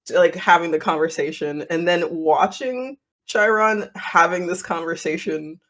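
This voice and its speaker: A woman playing a tabletop role-play game, giggly and animated. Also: on the low side, unhurried. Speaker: player. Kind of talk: casual in-character play.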